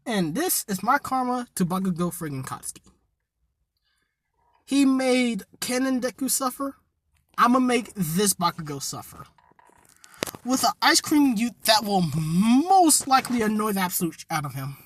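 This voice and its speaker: Woman, casual storytelling, lively pitch, slightly husky, cussing, rambling. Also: normal speed. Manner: rambling, profane, joking asides. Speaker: fan fiction storyteller. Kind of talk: improvised casual story narration.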